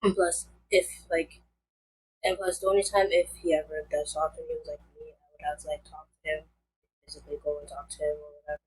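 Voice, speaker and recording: A woman's voice: low-pitched, little pitch movement, a little fast, a little mellow, breathy edge, rough recording. A young woman, likely in her teens, telling a storytime vlog in a rambling casual way, full of fillers. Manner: rambling, many fillers like "like" and "and all that stuff". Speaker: vlogger.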